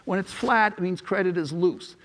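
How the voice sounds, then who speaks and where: A man's voice: high-pitched, normal speed, a bit bright. A man giving a public lecture in a conversational, digressive way, often restarting his sentences and slipping in dry humorous asides.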